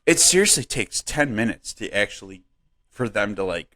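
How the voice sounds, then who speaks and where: A man co-hosting a comedy podcast, rambling and swearing in casual chat, laughing often and jumping up in pitch when worked up. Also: normal speed. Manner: animated, voice jumps up when worked up. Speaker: podcast co-host.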